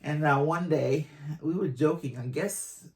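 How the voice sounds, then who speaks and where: On their couple's channel, a woman in her fifties from Boston ribs her husband in easy conversation, laughing frequently. Her Boston-accented voice sits low with a darkish tone, and she keeps a measured pace.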